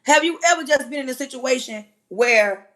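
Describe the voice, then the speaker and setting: A woman's voice: high voice, animated, normal speed, a bit bright. A woman, hosting a livestream and giving blunt, scolding, streetwise advice to her viewers. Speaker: livestream host.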